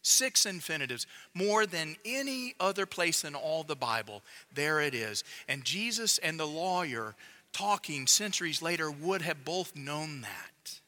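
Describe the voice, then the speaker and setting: A man preaching a sermon in a measured, emphatic way, dropping to a hush to drive points home. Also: on the high side, very animated.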